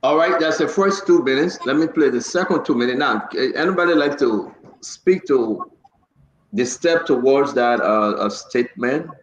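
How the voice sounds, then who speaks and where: A man hosting a talk show panel, brisk and interrupting to steer the talk. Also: mid-range voice, a little hiss or hum. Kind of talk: moderating a panel. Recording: echoey, dull sound.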